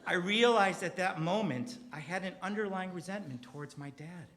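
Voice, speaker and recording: A middle-aged man performing a confessional storytelling comedy set on a theater stage, swinging from quiet to loud and emphatic. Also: high-pitched, moderate pace, a little hiss or hum.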